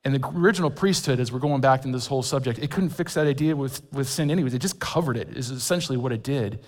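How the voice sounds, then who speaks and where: A man's voice: medium pitch, fast. A man from California preaching a sermon as a men's pastor, conversational with humorous asides. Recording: long reverb of a large hall.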